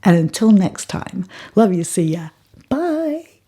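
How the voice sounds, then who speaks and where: A woman's voice: fairly low pitch, moderate pace, background noise. A woman vlogger chatting casually while she gets ready, laughing as she tells a joke. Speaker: beauty vlogger. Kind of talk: casual chat.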